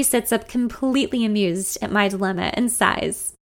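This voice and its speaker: A woman podcast host telling a first-person story in a self-deprecating way, swinging between hushed and loud lines. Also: medium pitch, moderate pace, few pauses.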